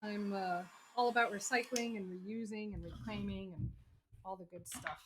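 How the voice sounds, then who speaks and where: An American woman talks her way through a craft project on a livestream, chatty and rambling as she greets viewers. Her voice sits at a middle pitch, and a faint hiss of noise runs under it. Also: steady tone, normal speed. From United States. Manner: chatty, rambling, reads chat aloud. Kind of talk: casual livestream chat.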